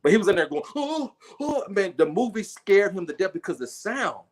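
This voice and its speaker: A middle-aged man telling a movie story on a casual livestream, animated and full of swearing. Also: high voice, fairly quick. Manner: animated, profane, acts out voices. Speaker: guest storyteller.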